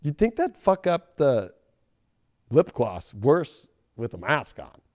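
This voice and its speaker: A man giving a casual tarot reading, profane and joking, bursting into shouts and silly voices. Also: medium pitch, very animated, slow pace, no room sound. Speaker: tarot reader.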